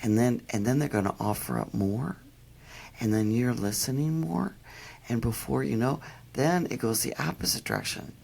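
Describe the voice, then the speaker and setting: A middle-aged woman dog trainer, enthusiastic and animated, explaining how to read pets in a casual interview. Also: a bass voice, normal speed, creaky, husky.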